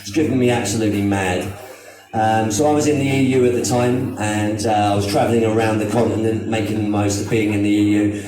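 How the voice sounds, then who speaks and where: A man's voice: lowish voice, fairly even intonation, a little fast, crowd noise. A British man doing live stand-up comedy on stage in a put-on Australian accent, rambling, self-mocking and swearing freely. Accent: mock Australian over British. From Britain. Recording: very echoey, distant from the mic, music behind.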